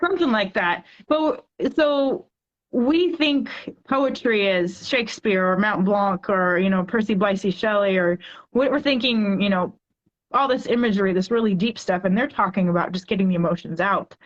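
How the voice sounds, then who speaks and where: A woman in her forties, a poet guest, talking in a chatty, animated way with lots of filler words. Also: mid-range voice, normal speed, lo-fi sound. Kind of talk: casual interview chat.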